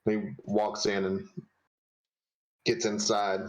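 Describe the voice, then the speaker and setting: A man's voice: on the low side, monotone, takes it slowly, poor audio. A man narrating a tabletop game as game master, casual and rambling, searching for words.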